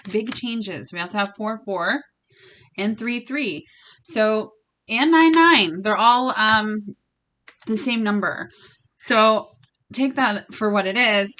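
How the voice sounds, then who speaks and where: A woman's voice: medium pitch, bright, forceful tone. A young woman giving a casual spiritual card reading to her viewers. She talks bluntly and emphatically, swearing freely as she speaks straight to the listener. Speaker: tarot reader.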